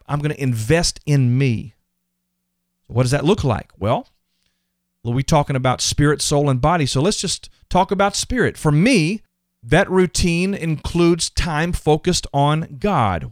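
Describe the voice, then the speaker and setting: A man's voice: a little high, dry recording, studio quality. A man hosting a motivational faith podcast, earnest and emphatic, often repeating his words. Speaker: podcast host.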